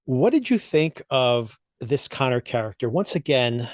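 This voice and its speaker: A man's voice: mid-range voice, very animated, a little slow, no room sound, studio quality. A man co-hosting a podcast, chatting casually as he recaps and reviews TV episodes, laughing often between thoughts. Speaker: podcast co-host.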